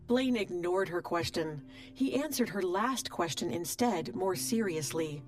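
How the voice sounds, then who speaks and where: A woman narrating a romance audiobook in a steady, expressive storytelling voice. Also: medium pitch, moderate pace. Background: soft background music.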